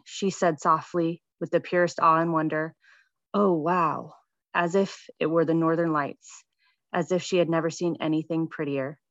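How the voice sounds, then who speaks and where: A woman gently reading her own reflective personal essay. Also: sits low, dry recording, highs cut off.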